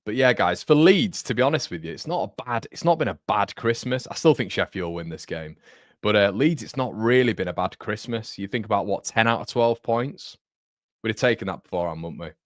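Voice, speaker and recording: A young man from North East England, whose voice is fairly low with lively intonation, hosts a fan channel's live football watchalong at a fairly quick clip. His talk is chatty and blokey, peppered with "mate" and "um," in a dry, studio-quality recording.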